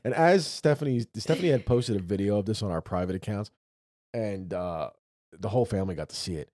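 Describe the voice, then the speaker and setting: A man's voice: fairly low pitch, fairly quick, no echo, studio quality. A man in his thirties co-hosting a casual podcast, talking loosely and swearing freely. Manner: animated, swears freely, acts out quotes. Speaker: podcast co-host. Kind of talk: casual chat.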